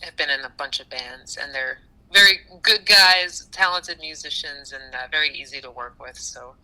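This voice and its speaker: A woman musician chatting casually in an interview, animated, with frequent laughs and fillers. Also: sits low, moderate pace, poor audio. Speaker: musician guest.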